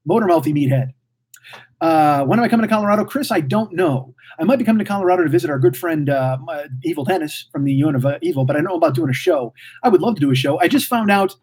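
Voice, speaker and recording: A man in his forties hosts a casual livestream podcast, reading live chat and rambling profanely, a mouthy motor mouth who blurts things out without thinking. His voice is fairly high and a little mellow and husky, with big swings in pitch and a fast delivery.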